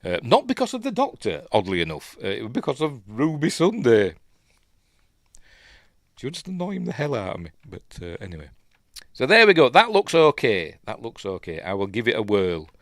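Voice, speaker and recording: A man's voice: mid-range voice, huge pitch swings, a little fast, a bit bright, no room sound, clean studio sound. A man with a Yorkshire accent hosting a live news stream, rambling and opinionated with muttered asides. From Yorkshire, England. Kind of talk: casual live stream commentary.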